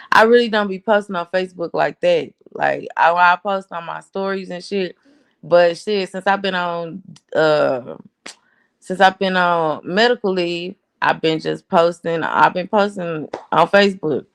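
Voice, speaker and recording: A woman's voice: fairly low pitch, creaky. A woman, telling a story in a casual, blunt, profane rant. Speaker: host.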